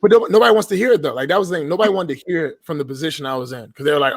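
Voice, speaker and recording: A man's voice: a little high, racing, no room sound. A man, telling stories in an emphatic, profane way on a casual podcast. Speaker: podcast guest.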